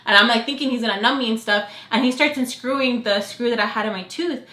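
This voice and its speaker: A woman's voice: a little high, fast talker. Chatty young woman vlogger, echoey room. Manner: chatty, animated, lots of fillers. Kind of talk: casual storytelling to camera.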